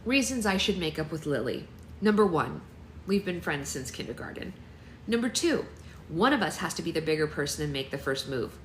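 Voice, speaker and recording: A woman hosting a book club, reading a novel aloud in a lively, expressive way. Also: low voice, brisk, roomy sound, a little hiss or hum.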